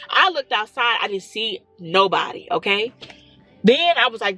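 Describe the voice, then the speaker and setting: Young woman, storytime vlogger; lively, chatty, keeps checking in with her viewers; soft music bed. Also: medium pitch, a little slow. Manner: animated, talks straight to viewers with "y'all" and "okay?". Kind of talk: casual storytelling.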